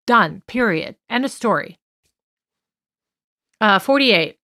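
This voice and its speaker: Woman doing true crime podcast chat, opinionated, lots of um and you know, mid pitch. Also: lively intonation, takes it slowly, pauses often, sharp tone. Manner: chatty, opinionated, lots of fillers and asides. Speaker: podcast co-host.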